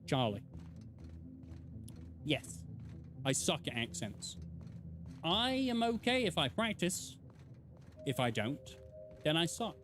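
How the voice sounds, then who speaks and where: A man's voice: fairly high pitch, big pitch swings, unhurried, pauses often, fairly bright tone, soft background music. A man from England with an English accent, chatting casually and swearing as he answers chat during a live game stream.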